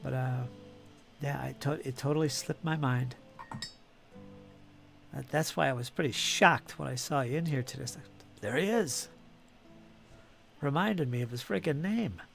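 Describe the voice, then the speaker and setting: A man's voice: medium pitch, normal speed, gravelly, pauses often, a bit bright. A middle-aged man hosting a live stream, chatting casually and jokingly, laughing often. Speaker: stream host. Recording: background music on a live stream.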